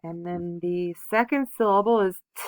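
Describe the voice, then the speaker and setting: A woman's voice: lowish voice, moderate pace, no echo. A woman teaching young children a phonics lesson, patiently sounding out letters and syllables.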